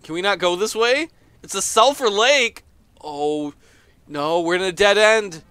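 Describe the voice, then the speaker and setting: A man's voice: high voice, a little slow, sharp tone, clear, resonant tone, no echo. A man casually commenting on a game as he plays, exclaiming often, laughing and reading the game's text aloud. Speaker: let's player.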